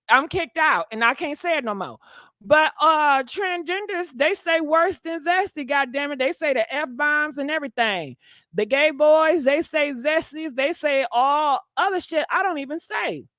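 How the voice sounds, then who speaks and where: A woman's voice: high voice, bright, forceful tone, dry recording. Woman, livestream gossip host, sassy and profane, repeats herself for emphasis, dry close sound. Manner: sassy, profane, rants to the chat. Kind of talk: casual livestream gossip commentary.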